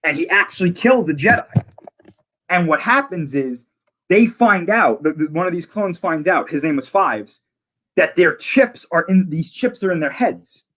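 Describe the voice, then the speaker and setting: A man's voice: high voice, animated, moderate pace, a bit bright. A man in casual conversation, eagerly retelling scenes from a series in detail. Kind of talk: casual chat.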